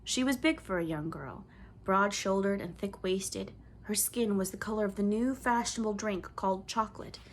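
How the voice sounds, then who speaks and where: A woman reads a children's novel aloud as a storybook narrator. Her delivery is clear and measured, in an ordinary mid-range pitch. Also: a little hiss or hum. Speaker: audiobook reader.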